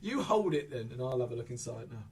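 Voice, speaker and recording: A children's entertainer doing playful magic show patter, silly and exaggerated, jumping from loud squeals to hushed asides. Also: medium pitch, very animated, quick pace, breathy edge.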